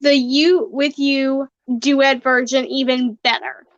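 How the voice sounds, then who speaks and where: A woman's voice: high voice, flat delivery, takes it slowly. A woman co-hosting a casual chat, chiming in chattily and eagerly. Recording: dry, slightly dull audio.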